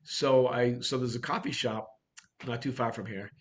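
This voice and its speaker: A man's voice: medium pitch, fairly even intonation, moderate pace. A man coaching real estate agents in a workshop talk, blunt and direct, firing off rhetorical questions.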